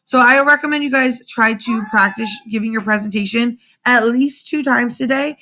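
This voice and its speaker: A young woman teaching a remote class from home through her computer's webcam, in a lively manner, often checking in with her students with "right?". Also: fairly high pitch, normal speed. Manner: animated, addresses students directly with frequent "right?". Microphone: computer webcam mic.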